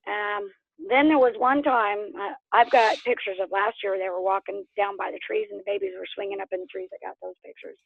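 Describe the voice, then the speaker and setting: A woman from Oklahoma telling her story as an interview guest in casual storytelling, animated and laughing, acting out what others said. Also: mid-range voice, a little fast, vocal fry, no echo. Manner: animated, laughs often, acts out quotes. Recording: tinny phone line.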